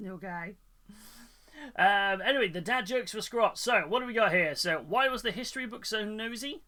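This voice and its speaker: A chatty man talking on his live stream, with a bright, slightly high voice. He rambles, answers chat and tells corny jokes. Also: moderate pace.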